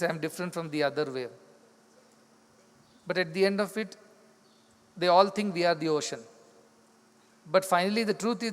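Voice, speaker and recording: A man's voice: a little high, fairly bright tone. A man with an Indian English accent giving a spiritual discourse, explaining through repetition and acted-out stories. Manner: explains with repetition, acts out quoted voices. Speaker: spiritual teacher. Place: large hall. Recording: long hall reverb.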